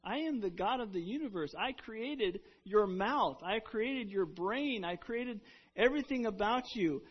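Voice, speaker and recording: A man's voice: high-pitched, lively intonation, a little slow, breathy edge, voice pushed up, heavily acted. A man playing a commanding male deity who answers with firm, emphatic rhetorical declarations. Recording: dull lo-fi recording.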